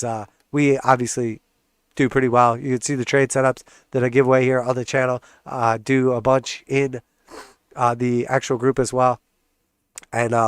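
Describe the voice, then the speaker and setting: A man's voice: mid-range voice, smooth, no room sound, studio quality. A man with a congested, stuffed-up voice hosting a live trading stream, walking through charts in a casual, joking way. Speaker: trading channel host.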